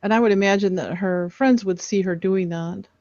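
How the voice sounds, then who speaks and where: A woman's voice: mid-range voice, normal speed, a little mellow, no room sound. A woman playing a tabletop game, casually describing her character's actions, in dull, dry audio. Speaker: player.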